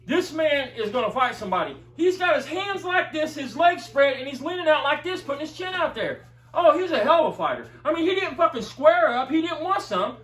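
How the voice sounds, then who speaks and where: A man's voice: extremely high pitch, big pitch swings, a little fast, a bit bright, reverberant, recorded from a distance, rough recording. A man telling a heated, profane story in casual chat, recorded away from the mic in a room. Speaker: video commentator.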